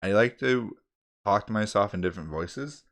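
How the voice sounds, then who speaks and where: A man's voice: fairly low pitch, expressive, moderate pace, fairly bright tone. A man co-hosting a podcast, chatting casually and laughing now and then. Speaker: podcast co-host. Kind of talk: casual chat.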